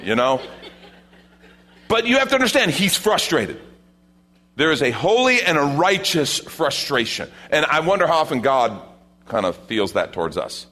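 A man preaching a sermon, reading scripture and explaining it, rising to loud emphasis at times. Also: medium pitch. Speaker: pastor.

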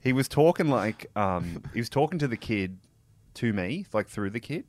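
A man's voice: mid-range voice, very animated, normal speed, darkish tone, no room sound. A young Australian man on a podcast, telling a crude, sweary story with frequent laughs. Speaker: podcast co-host. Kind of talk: crude casual banter.

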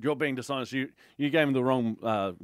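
A man's voice: mid-range voice, fairly quick, clean tone, no echo, studio quality. A man co-hosting a comedy podcast, talking in a rambling way full of fillers and laughing often. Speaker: podcast co-host. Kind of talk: casual comedic chat.

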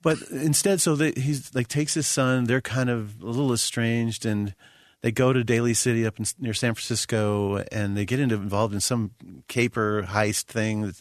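A man's voice: medium pitch, fairly even intonation, normal speed, no echo. A man reviewing a film on a radio show in a studio, rambling and chatty. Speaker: film critic co-host. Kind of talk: casual movie review.

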